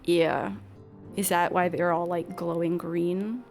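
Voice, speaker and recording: A woman's voice: fairly low pitch, little pitch movement, slow, creaky, darkish tone, faint music behind. A young woman streamer chatting casually, reading game text aloud and commenting with laughs and the odd swear.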